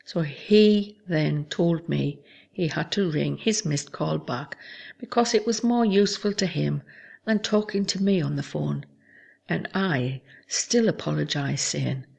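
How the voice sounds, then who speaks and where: A woman hosting a show, reading aloud from her memoir in a measured, somber way. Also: deep voice, vocal fry, a little mellow, breathy edge. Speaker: host.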